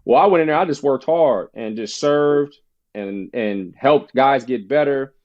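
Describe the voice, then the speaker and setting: Male podcast guest, animated storyteller doing other people's voices, mid pitch, somewhat lo-fi. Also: a little slow. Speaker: podcast guest, former basketball player. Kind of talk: casual storytelling interview.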